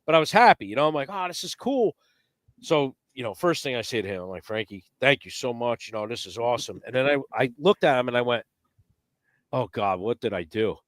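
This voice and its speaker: A man telling a hunting story in casual podcast chat, animated and profane, acting out the quotes. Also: mid-range voice, fairly quick, dry recording, studio quality. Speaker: podcast guest.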